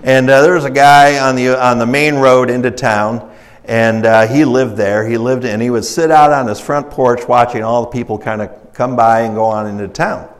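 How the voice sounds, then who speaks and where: A man's voice: mid-range voice, steady tone, moderate pace. A man preaching a recovery sermon in a conversational, folksy storytelling style, rising in emphasis and acting out the characters in his stories. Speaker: pastor leading a recovery ministry.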